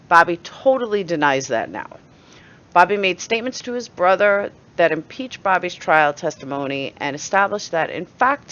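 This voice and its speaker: Swearing freely, a New York–accented woman hosts her channel with blunt, sarcastic opinions. She has a lowish, slightly bright voice, heard through a dull lo-fi recording.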